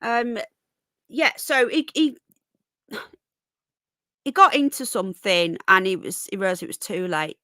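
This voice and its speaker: A woman's voice: mid-range voice, expressive, measured pace, pauses often, bright, forceful tone, dry recording, clean studio sound. A tired, yawning woman hosting a casual live stream, chatting and greeting viewers by name as darling and sweetheart. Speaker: livestream host.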